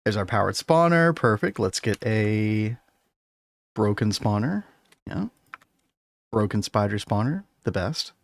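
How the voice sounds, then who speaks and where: A man's voice: fairly low pitch, expressive, a little slow, gravelly, long pauses. A man chatting casually with his viewers and co-player while streaming a game, laughing often. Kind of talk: casual gaming livestream chat.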